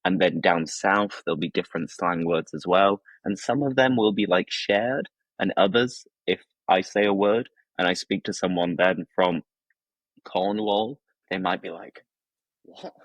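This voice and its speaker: A man with a Yorkshire accent, an English teacher hosting a casual conversation, explaining slang in a relaxed way with plenty of examples and fillers. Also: low-pitched, unhurried, no room sound.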